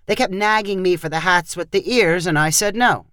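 A woman reading aloud plays a tired father in a storybook, strained and quick to defend himself. The voice sits low and sounds dry and close. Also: a bit bright, no echo, natural voice. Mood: defensive.

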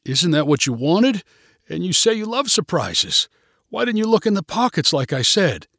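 A man's voice: high-pitched, very animated, normal speed, vocal fry, fairly bright tone, dry recording, clean studio sound, voice pushed up, heavily acted. A man voicing an earnest, frustrated young boyfriend in a read-aloud story. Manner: earnest, exasperated.

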